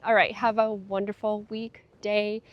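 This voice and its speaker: A woman's voice: medium pitch, little pitch movement, measured pace, dull audio. A young adult woman vlogging in a casual, chatty way, with many fillers and little laughs. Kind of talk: casual talk to camera.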